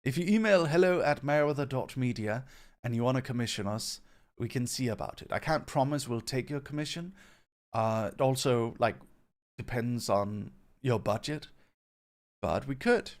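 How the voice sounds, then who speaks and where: A man running a casual livestream Q&A as a company CEO, relaxed and rambling as he reads viewer questions aloud and answers them. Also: mid-range voice, normal speed.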